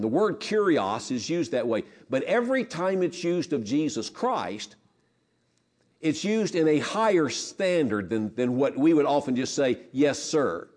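Male Bible teacher, lively swooping delivery, slightly raised pitch, earnest and repetitive. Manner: earnest, repeats words, asks the class questions. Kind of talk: Bible lesson.

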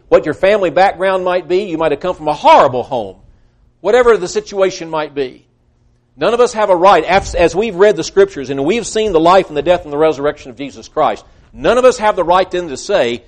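A man preaching a sermon in an earnest, emphatic way, often quoting scripture at length. His voice sits a little higher than most men's. He seems to be speaking in a church.

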